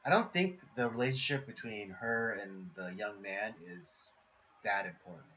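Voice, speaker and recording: A man's voice: on the low side, normal speed, sharp tone, a little hiss or hum. A man co-hosting a casual film review podcast, laid-back and leaning on "you know" and "like". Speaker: podcast co-host. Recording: dull lo-fi stream audio.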